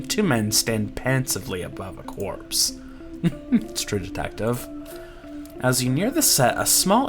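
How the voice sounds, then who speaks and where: A man doing let's play commentary, reading game text aloud, chatty and laughing often. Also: medium pitch. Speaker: gaming YouTuber. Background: game music.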